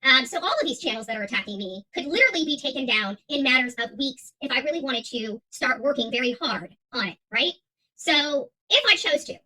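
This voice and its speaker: A woman's voice: sits high, animated, brisk, pushed and bright, slightly rough, poor audio. A woman hosting her own channel, talking straight to viewers in a heated, defiant monologue, with many fillers and repeated words. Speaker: YouTube channel host.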